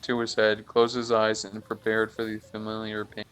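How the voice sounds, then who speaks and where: A young man reading a fan story aloud over voice chat, halting and mocking the text. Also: on the low side, completely flat delivery, fairly bright tone, clear, resonant tone. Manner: halting, often restarts and mocks the text. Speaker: fanfic reader. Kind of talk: mocking comedic dramatic reading.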